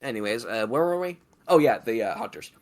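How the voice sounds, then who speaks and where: A man's voice: medium pitch, very animated, a little fast. A man co-hosting a stream, giving strong opinions and swearing freely while talking about a video game. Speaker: stream moderator and co-host.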